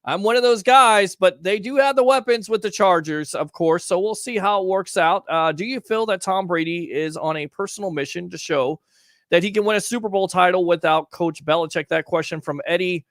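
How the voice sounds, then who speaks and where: A man's voice: high-pitched, a little fast, a bit bright, no room sound, studio quality. A man hosting a call-in sports talk show, teasing callers and firing off rhetorical questions. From Tampa Bay area.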